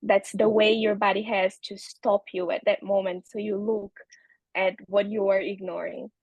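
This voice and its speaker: Gentle woman giving advice. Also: medium pitch, flat delivery, moderate pace, no room sound, poor audio. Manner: gentle advising, many fillers like "you know". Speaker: guest, holistic nutritionist. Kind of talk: interview, advice.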